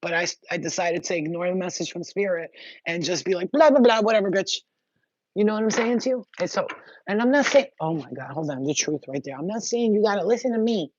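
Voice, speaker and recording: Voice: mid-range voice, quick pace, no room sound, muffled recording. A tarot card reader giving casual spiritual advice straight to viewers, blunt and sprinkled with swearing. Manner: blunt, profane and emphatic; chatty, addresses viewers directly.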